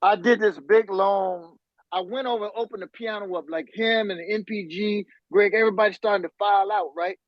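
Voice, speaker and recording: A man's voice: high voice, fairly quick, dry recording, lo-fi sound. A man, a podcast guest and musician, telling stories casually with slang and bursts of laughter. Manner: animated, laughing storyteller with slang. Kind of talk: casual storytelling.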